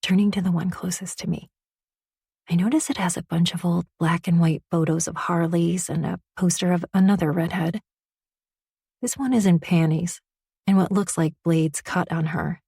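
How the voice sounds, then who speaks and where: A woman narrating a first-person romance audiobook in an intimate voice that often drops to a breathy near-whisper. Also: lowish voice, steady tone, normal speed, mellow, no echo, studio quality.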